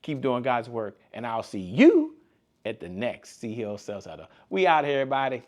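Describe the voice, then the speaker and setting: Male business coach host, lively and preachy, swinging pitch, repeats his slogans. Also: normal speed. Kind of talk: motivational business talk.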